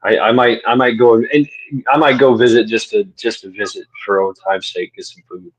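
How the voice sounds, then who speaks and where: A man's voice: fairly low pitch, fairly even intonation, fairly quick, slightly rough, poor audio. A man hosting a livestream in casual chat, rambling, laughing and swearing easily. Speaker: livestream host.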